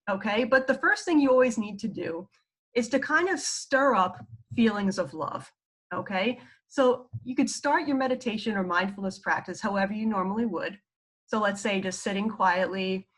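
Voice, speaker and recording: A woman's voice: mid-range voice, rough recording. A woman with a New York accent, a psychologist explaining meditation in a casual, chatty way, often checking in with "okay" and a few "um"s. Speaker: psychologist teaching mindfulness. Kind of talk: casual instructional talk.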